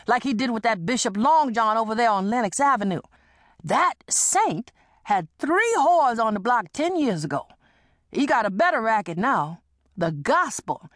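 A woman's voice: fairly high pitch, a bit bright, dry recording, studio quality. A woman reading an audiobook and voicing a brash, hard-drinking woman who teases and schemes. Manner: teasing, bawdy, persuasive.

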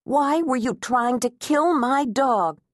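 A woman's voice: high voice, takes it slowly, no room sound, studio quality, voice pushed up. Woman playing a defiant, feisty woman wielding threats. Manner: sharp, defiant, blustering. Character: feisty frightened woman defending her home.

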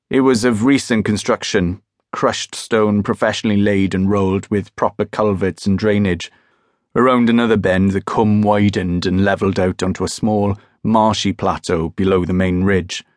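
A man with a low voice narrates a first-person detective story, wry and measured with a deadpan edge. He is recorded on a close mic in a dry booth with no room sound. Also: no echo. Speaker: audiobook narrator. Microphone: close studio mic.

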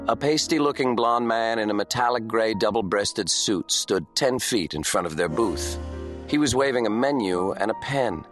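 A man narrating an audiobook thriller in an even, measured storytelling manner. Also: on the low side, soft background music. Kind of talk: scripted narration.

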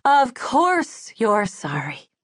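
A woman's voice: on the high side, sing-song, drawn-out words, dry recording, exaggerated voice. A woman voicing a bitter, grieving middle-aged mother who scolds angrily and mocks, for an audiobook, dry recording. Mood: angry. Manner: angry, mocking, clipped. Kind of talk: audiobook character voice.

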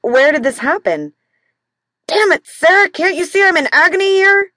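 A woman's voice: high-pitched, very animated, normal speed, no echo, studio quality, voice pushed up. A woman narrator voicing an impatient adult man who is hurt and snaps through gritted teeth. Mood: pained, irritable.

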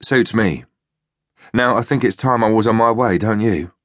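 A man's voice: on the low side, moderate pace, dry recording, clean studio sound, close to an everyday voice. A man voicing a tough, blunt undercover soldier in an audiobook, terse and impatient.

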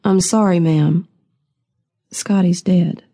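Woman doing a blunt male constable, low and measured, mellow tone, guarded. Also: steady tone. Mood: grave.

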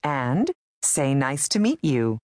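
A woman with a low but lively voice leads a language lesson in scripted narration. She speaks clearly and patiently, guiding the learner step by step. The recording is dry and close. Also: slow pace, no room sound.

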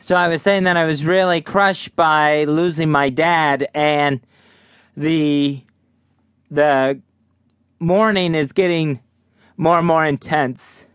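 A man co-hosts a comedic radio show with a smooth, clear voice a little higher than most. He answers his partner in a dry, deadpan way, close to a dead studio mic. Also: slow pace, pauses often, no echo. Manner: deadpan, wry. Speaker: radio co-host.

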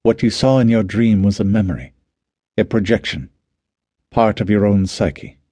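A man voicing a calm, protective husband who speaks softly and soothingly. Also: fairly low pitch, moderate pace, dry recording, natural voice. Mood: tender. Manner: soft, gentle, soothing.

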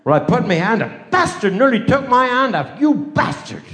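A man's voice: very high-pitched, very animated, moderate pace, sharp tone. An older man with a West Country accent telling rambling, bawdy stand-up stories on a live stage, full of "I said, she said.". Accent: West Country English. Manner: rambling bawdy yarn-spinning with repeated "I said, she said". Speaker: stand-up comedian.

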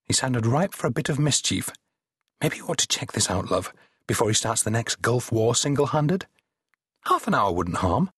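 A man's voice: mid-range voice, big pitch swings, normal speed, fairly bright tone, breathy edge, no room sound, voice pushed up. A man voicing a shrewd, thoughtful woman speaking wryly to her husband, in an audiobook. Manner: thoughtful, wry. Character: thoughtful wife, shrewd and calm.

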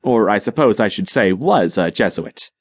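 A man's voice: lowish voice, lively intonation, moderate pace, slightly rough, no echo. A man voicing a grandiloquent professorial leader. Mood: rhetorical. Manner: rhetorical, dramatic, professorial. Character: older male professorial colony leader, grandiloquent.

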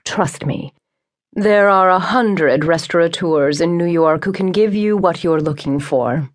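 A woman narrator playing a composed, silver-haired woman restaurateur who speaks in a calm, measured, gently firm way. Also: fairly low pitch, lightly acted. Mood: gentle.

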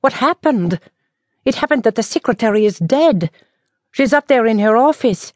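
A woman voicing a panicked, gossipy French village woman of sixty-two in an audiobook, with shrill, frantic outbursts. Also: animated, normal speed, dry recording, studio quality, natural voice.

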